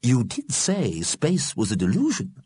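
A man's voice: medium pitch, huge pitch swings, unhurried, darkish tone, slightly rough, no echo, voice pushed up, heavily acted. A man doing a wry, practical old ghost.

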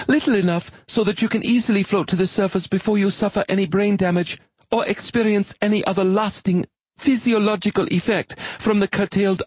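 A man voicing a brisk, commanding young woman diver who gives crisp instructions. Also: high voice, darkish tone, no room sound, pitched above the performer's own voice. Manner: crisp and instructive, caustic edge.

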